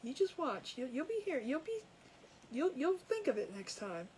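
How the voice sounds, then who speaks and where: A high-voiced woman chats away while she works on a craft project, cracking herself up as she goes. Her talk is loose and rambling, and there is a faint hiss of background noise around her voice. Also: very animated, moderate pace, darkish tone, rough recording. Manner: chatty, laughs at her own jokes. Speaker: crafting livestream host. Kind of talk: casual chat while crafting. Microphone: camera over a crafting table.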